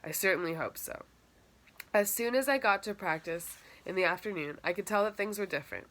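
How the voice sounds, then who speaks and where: A woman reads a first-person audiobook. Her pitch sits in the middle of the range. She tells the story in a steady, matter-of-fact way. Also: brisk. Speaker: audiobook narrator.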